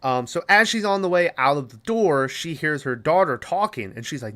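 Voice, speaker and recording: A man's voice: a little high, animated, moderate pace, few pauses, fairly bright tone. A man hosting a podcast, casually and profanely rambling through a movie plot with lots of fillers. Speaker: podcast host.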